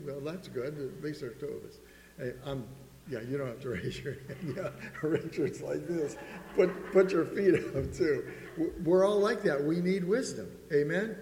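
A man's voice: on the high side, normal speed, a little mellow. A man preaching a sermon to a church congregation, calling out for amens and quoting King James scripture. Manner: calls for amens and quotes scripture in old King James wording. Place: church sanctuary. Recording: echoey church hall reverb.

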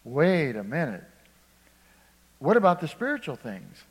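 A man's voice: a little high, huge pitch swings, measured pace, husky, big-room sound, rough recording. A man preaching a sermon, telling a folksy story, acting out voices and calling on the congregation for amens. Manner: storytelling, acts out voices, asks congregation for response.

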